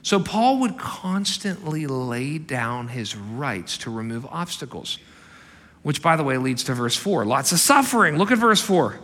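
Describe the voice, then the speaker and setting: A man preaching a sermon as a pastor, animated and emphatic, acting out the quotes he tells. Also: on the high side, unhurried. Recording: long hall reverb.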